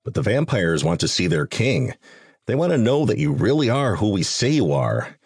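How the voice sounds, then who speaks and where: Man reading a wry, teasing vampire sidekick in a lively, husky voice. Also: on the low side, normal speed, no room sound, clean studio sound, voice pushed up. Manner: sarcastic and teasing. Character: sarcastic teasing vampire companion.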